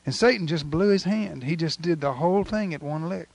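A man preaching a sermon in a folksy, animated storytelling manner, retelling scripture with acted quotes. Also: fairly high pitch, brisk, creaky, dry recording.

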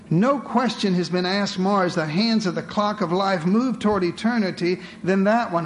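High-voiced man preaching a sermon. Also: a little fast, few pauses. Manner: dramatic preaching with rhetorical questions; addresses the congregation as beloved.

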